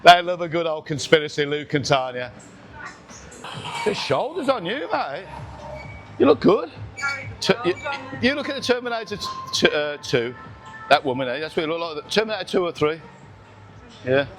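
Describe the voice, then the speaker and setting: A man's voice: a little high, expressive, moderate pace, pauses often, fairly bright tone, faint music behind. A man chatting casually while training in a busy gym, counting reps and getting out of breath between sets. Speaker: gym vlogger. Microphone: camera on tripod nearby.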